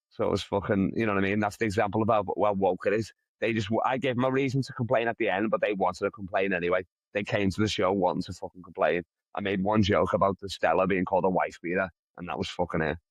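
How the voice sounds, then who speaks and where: Here a comedian guest with a lowish voice rambles through a profane, lively story in a relaxed interview, recorded dry.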